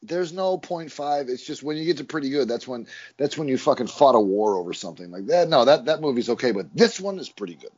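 A man co-hosting a casual movie podcast, talking in an animated, rambling way with frequent swearing. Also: medium pitch, fast, husky, highs cut off. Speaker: podcast co-host. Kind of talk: casual chat.

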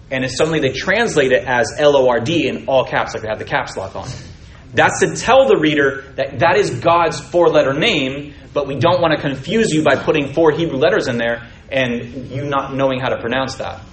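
A man's voice: medium pitch, echoey room, slight background noise. A man leading a Bible study, reading scripture aloud and then explaining it in a conversational way with many fillers. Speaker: teacher at a messianic fellowship.

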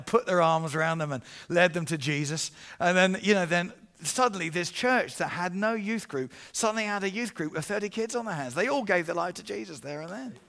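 A middle-aged man preaching as an evangelist, telling a story with animated swings between hushed and loud passages. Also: high-pitched, creaky. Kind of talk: storytelling sermon.

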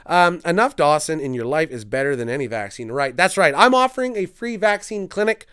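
A man's voice: fairly high pitch, animated, a little fast, a bit bright, smooth. Joking, crude young man. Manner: joking, crude, self-mocking banter. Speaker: podcast host. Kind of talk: casual live-stream chat reading comments.

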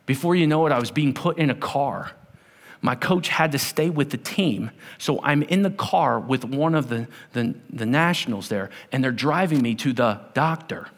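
A man preaching a sermon as pastor, telling stories and swinging from loud to hushed. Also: mid-range voice, animated, normal speed. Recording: long hall reverb.

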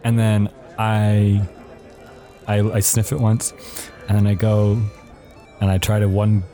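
A man describes his character's actions in a tabletop game, halting and unsure. His voice is fairly low, with faint music underneath. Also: monotone, dark tone. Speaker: player.

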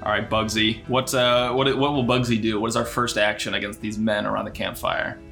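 A man's voice: fairly low pitch, level tone, brisk, gravelly, sharp tone, faint music behind. A man hosting a casual podcast with friends, upbeat and rambly, often restarting his sentences. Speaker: podcast host running an AI text adventure.

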